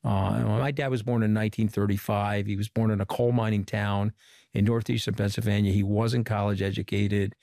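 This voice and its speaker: A middle-aged man from Long Island speaks in a lowish voice, recounting events as an interview guest. He acts out the people he quotes in little bits of dialogue. The sound is dry, with no room around it. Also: normal speed, gravelly, dry recording. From Long Island, New York. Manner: animated storyteller who quotes people in dialogue. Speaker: interview guest, former communications director. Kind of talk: conversational storytelling interview.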